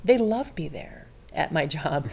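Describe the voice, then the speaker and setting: A woman in her forties, a longtime television host, chatting as a guest and telling stories in a lively way, acting out the people she quotes. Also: sits low, unhurried, vocal fry, a little hiss or hum. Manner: animated storyteller, acts out quotes. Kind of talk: casual chat.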